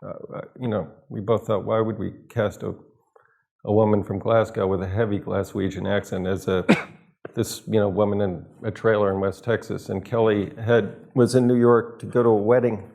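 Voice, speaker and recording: Low gravelly man telling anecdotes. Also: moderate pace. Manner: relaxed anecdotal storytelling. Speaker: film director, panelist. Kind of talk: panel discussion.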